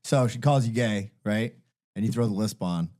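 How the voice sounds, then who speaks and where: A man's voice: fairly low pitch, moderate pace, warm tone. A man hosting a casual podcast, ribbing his co-host in a blunt, sarcastic way. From Irish-American. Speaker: podcast host and singer-songwriter. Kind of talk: casual chat.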